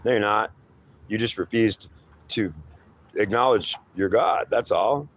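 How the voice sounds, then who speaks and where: A man's voice: on the low side, measured pace, slight background noise. A man voicing a menacing male devil who claims to be god, taunting and threatening, calling the listener boy, in an improvised two-voice monologue.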